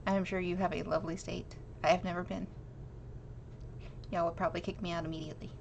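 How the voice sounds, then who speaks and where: A woman's voice: lowish voice, little pitch movement, quick pace, gravelly. A woman chatting with viewers on a live stream, reading an old news clipping aloud and giggling at herself. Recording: slightly dull lo-fi stream audio with faint noise.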